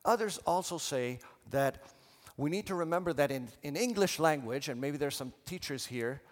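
A man preaching a sermon in a church, animated and leading the congregation in call and response. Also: on the high side, normal speed, long reverb tail. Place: church sanctuary.

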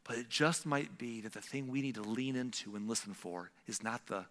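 A man preaching a sermon as a pastor, swinging from loud emphatic lines to hushed whispers. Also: mid-range voice, normal speed, few pauses. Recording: long hall reverb.

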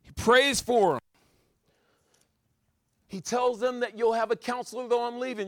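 High-voiced preacher with dynamic delivery. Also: male voice, fairly even intonation, slow, pauses often, no room sound, studio quality. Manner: dynamic, swings from loud exhortation to quiet musing; repetitive rhetorical questions. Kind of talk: sermon.

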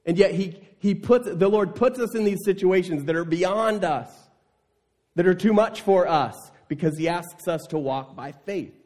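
A man's voice: fairly high pitch, a little mellow. A male pastor preaching a sermon in an emphatic, conversational way, often asking the congregation rhetorical questions.

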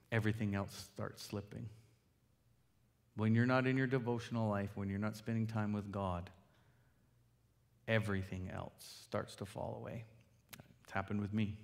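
A man preaching a sermon as pastor, earnest and pleading, dropping to hushed appeals and rising to emphatic points. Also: lowish voice. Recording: hall reverb.

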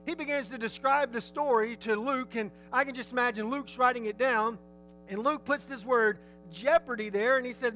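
A man's voice: high-pitched, fairly quick, faint music behind, poor audio. A man preaching a sermon, telling the story vividly and asking his listeners questions. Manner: lively, storytelling, asks the audience questions.

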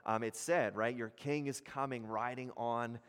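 A man's voice: medium pitch, measured pace, in a large hall. A man preaching a sermon, acting out crowd voices with many restarts. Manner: animated, acts out crowd voices, frequent restarts. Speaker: pastor.

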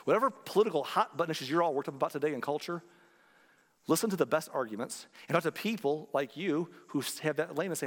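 A man preaching with an earnest, conversational delivery, his voice sitting a little high and climbing on his key points. His sermon rings out through a large sanctuary with long reverb trailing after each phrase. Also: lively intonation, very fast, fairly bright tone. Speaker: pastor.

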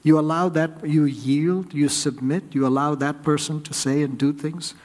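Man, pastor, sermon, rhetorical questions, acts out quoted voices, somewhat high-pitched. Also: steady tone, normal speed, darkish tone. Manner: conversational preaching with rhetorical questions; acts out quoted spouses in raised voice. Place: church sanctuary.

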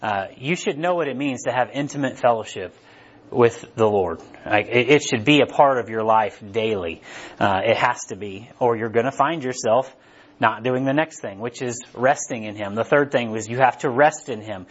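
A man's voice: mid-range voice, moderate pace, breathy edge, muffled recording. A man preaching a casual sermon in a conversational way, often checking in with "right?".

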